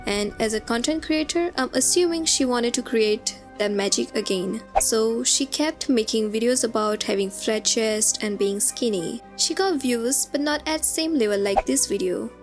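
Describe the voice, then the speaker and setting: A woman reads a scripted commentary voice-over, explaining things in an easy, conversational manner. Her voice sits fairly high, and soft background music plays beneath her. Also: moderate pace, hardly any pauses. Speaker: commentary narrator. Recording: music bed underneath.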